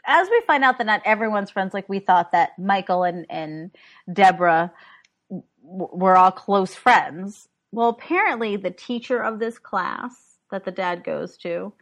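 A woman co-hosting a casual podcast, recapping a movie with lots of laughter and lively retelling. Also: medium pitch, normal speed. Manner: animated, laughs often, acts out lines from the film. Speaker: podcast co-host.

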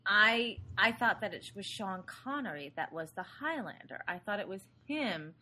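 A woman co-hosting a podcast chats casually while reviewing a movie, rambling, gushing, and repeating her words. Her mid-range voice is expressive, bright, and forceful at a moderate pace, with slight background noise.

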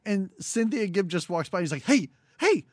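A woman's voice: lowish voice, a little fast, a little mellow, dry recording, clean studio sound. A woman co-hosting a casual movie review chat, sarcastic and acting out scenes. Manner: sarcastic, acts out scenes in quoted voices. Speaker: podcast co-host.

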